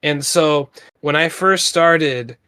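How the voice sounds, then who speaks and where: A man in his thirties co-hosts a podcast, giving a casual motivational talk in an earnest, rambling style full of fillers. His voice sits a little high and sounds bright, smooth, and forceful, and he speaks slowly.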